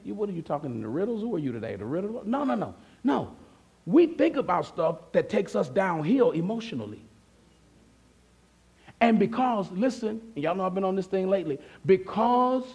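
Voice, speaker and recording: A male pastor preaching a sermon in a conversational way, often asking the congregation questions and acting out their replies. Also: high voice. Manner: acts out listeners' replies in a softer voice.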